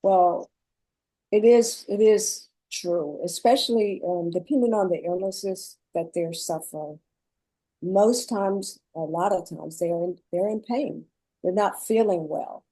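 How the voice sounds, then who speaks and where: A woman guest on a panel, explaining her caregiving experience in earnest, measured phrases. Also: fairly low pitch, dark tone, no room sound, poor audio. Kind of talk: panel discussion.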